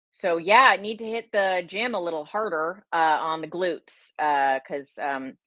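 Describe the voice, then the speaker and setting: A woman's voice: lowish voice, fairly bright tone, dry recording, highs cut off. A middle-aged woman, a health and wellness coach, chatting casually on a livestream with a slight Southern American twist, rambling and self-deprecating with many fillers. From United States.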